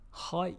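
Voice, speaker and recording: Guy on a coding stream, talks slow, mumbles thru code and jokes around. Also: a little hiss or hum. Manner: thinks aloud while reading code, playful asides. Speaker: livestreamer learning web development. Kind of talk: casual coding livestream.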